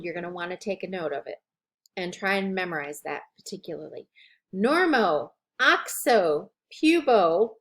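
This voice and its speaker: A woman instructor giving a recorded lecture, drawing out each term with slow, deliberate enunciation. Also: mid-range voice.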